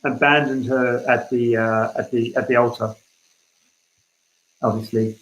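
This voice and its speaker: A man playing a tabletop game, halting and filler-heavy as he works out his ideas. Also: mid-range voice, little pitch movement, fairly bright tone, roomy sound, highs cut off. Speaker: player.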